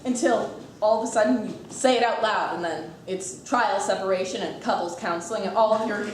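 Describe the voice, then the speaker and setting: A woman's voice: mid-range voice, a little fast, slight background noise, lightly acted. A woman playing a chatty, wistful narrator who confides in the audience during a stage musical. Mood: rueful. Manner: confiding, rambling asides to the audience. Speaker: stage actor. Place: theater stage. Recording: echoey stage from far off.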